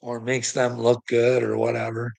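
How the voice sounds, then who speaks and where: A man with a gravelly, raspy voice, worn out and venting in a long monologue. He swears in nearly every sentence and trips over his own restarts as he goes. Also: mid-range voice, monotone, moderate pace, darkish tone. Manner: profane, swears constantly; stammers and restarts. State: weary. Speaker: vlogger. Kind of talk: ranting monologue to the camera.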